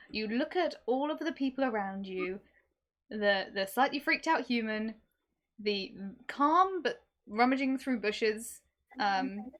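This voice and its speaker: A woman's voice: on the high side, fairly bright tone. A woman running a tabletop game on a live stream, narrating casually with many ums. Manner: rambling, many ums, chatty. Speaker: game master.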